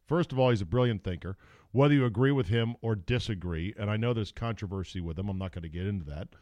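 A man's voice: fairly low pitch, fast talker, darkish tone, no echo. A man hosting a podcast, talking casually in a blunt, crude, jokey way. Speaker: podcast host. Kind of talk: casual opinionated podcast talk.

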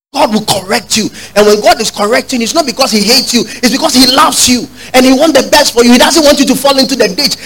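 A man preaching a sermon, urging the congregation to repeat lines after him and building to loud, emphatic peaks. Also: extremely high pitch, breathy edge, low-quality recording. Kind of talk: sermon with call-and-response.

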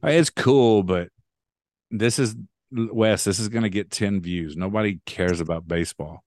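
A man with a very low voice hosts a casual podcast, easygoing and chatty, often restarting his phrases. His voice sounds close and dry, with no room echo. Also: measured pace, darkish tone. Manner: easygoing, repeats words and restarts phrases while thinking aloud. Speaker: podcast host. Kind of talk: casual chat.

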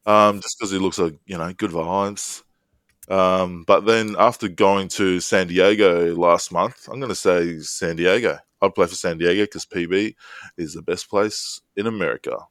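Deep-voiced man, dry close sound. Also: a little slow, no echo. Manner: jokey, animated storytelling. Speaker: podcast co-host. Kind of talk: casual chat.

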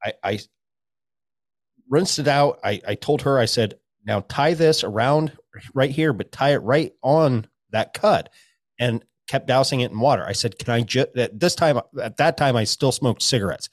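Male podcast co-host, mid-pitched, dry close sound, loose profane storytelling. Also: normal speed, dry recording. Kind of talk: casual podcast chat.

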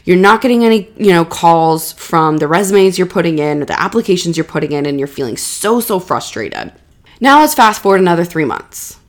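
A young adult woman hosting a solo podcast, telling a personal story candidly and repeating words for emphasis. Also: fairly low pitch. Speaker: podcast host.

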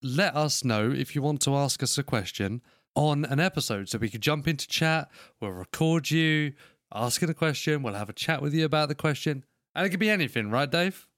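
Dude cohosting a podcast, a bit high voice, swears and laughs a lot, dry close sound. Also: male voice, expressive, a little fast, fairly bright tone, dry recording. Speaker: podcast co-host. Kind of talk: casual chat.

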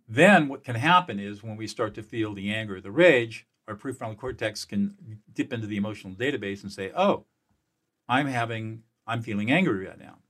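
A man who works as a mediator, explaining in an interview in an energetic, emphatic way, often restarting and repeating words. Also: on the low side, normal speed. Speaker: mediator and peacemaker.

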